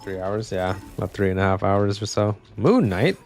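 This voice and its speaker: A man's voice: fairly low pitch, expressive, moderate pace, a little mellow, faint music behind. A young man streaming a video game, chatting in a laid-back way with frequent swearing. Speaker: gaming streamer. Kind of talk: casual chat while streaming gameplay.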